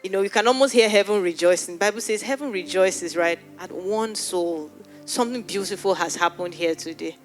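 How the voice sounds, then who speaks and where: A woman's voice: mid-range voice, fairly quick, faint music behind. A woman pastor leading an altar call in a church, speaking earnestly and pleading, often repeating her words. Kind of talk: sermon altar call and prayer. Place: church hall with live audience.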